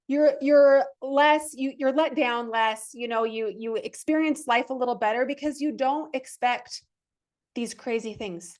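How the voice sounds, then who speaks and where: Woman, thirties, high voice, fitness podcast host, chatty, enthusiastic, acts out inner thoughts. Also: unhurried, a little mellow. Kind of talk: casual motivational podcast talk.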